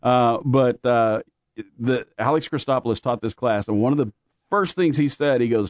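A man's voice: mid-range voice, normal speed, no echo. Chatty man with a very dry close mic. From born in Louisiana, raised mostly in Oklahoma. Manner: laughs often, rambling with many fillers. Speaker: guest with radio and theater background. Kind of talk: casual chat.

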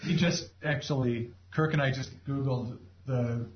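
A man's voice: mid-range voice, fairly even intonation, a little slow. A man co-hosting a podcast, sharing facts in a matter-of-fact casual way. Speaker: podcast co-host. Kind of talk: casual chat. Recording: lo-fi audio with clicks and noise.

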